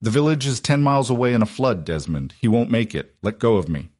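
A man voicing a fierce, commanding young wife who gives sharp, urgent orders. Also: mid-range voice, big pitch swings, a little fast.

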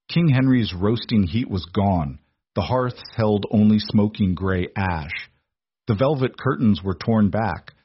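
Husky low-voiced male storyteller. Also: dry recording. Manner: measured, dramatic reading. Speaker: narrator. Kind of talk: scripted storybook narration. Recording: dull lo-fi recording.

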